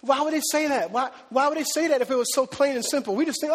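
Preaching in a church sanctuary, this pastor speaks quickly in a very high voice with few pauses. He keeps his sermon conversational, peppering the congregation with rhetorical questions as his voice rings through a large hall.

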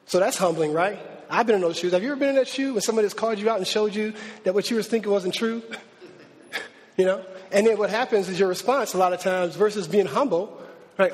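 High-voiced preacher in a reverberant hall. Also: male voice, fast. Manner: animated, informal, many fillers and restarts. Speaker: pastor. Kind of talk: conversational sermon.

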